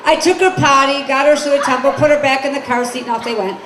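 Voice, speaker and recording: On a comedy club stage, a forties-aged female comic talks at a quick pace in a high, steady-toned voice. She's brassy and chatty, firing questions at the audience, while laughter and room noise echo through the space.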